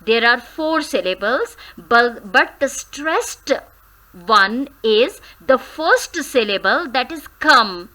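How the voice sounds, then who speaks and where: A woman teaches a grammar lesson, sounding words out carefully syllable by syllable. Her voice is bright and a little high, and she speaks at an unhurried, deliberate pace. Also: animated, low-quality recording. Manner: slow, careful syllable-by-syllable drilling; switches briefly into Hindi.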